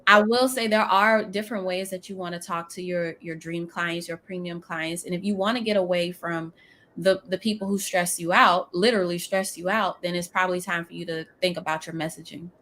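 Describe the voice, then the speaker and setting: Bright, emphatic Southern woman coach. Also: on the low side, brisk. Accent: Southern US, New Orleans with Texas twang. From New Orleans. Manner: emphatic, animated, quotes clients in character voices. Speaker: business coach guest. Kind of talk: live-stream interview, casual advice.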